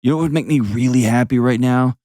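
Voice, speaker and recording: A man's voice: mid-range voice, fast, mellow, no echo, studio quality. A man hosting an advice call-in show, talking bluntly and painting vivid scenes as he coaches a caller. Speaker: host.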